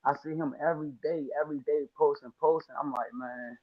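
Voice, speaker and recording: A man's voice: on the high side, steady tone, a little fast, lo-fi sound. A man from the Washington, D.C. area, a lawn care business owner telling his story as a podcast guest, casual and slangy, acting out quotes.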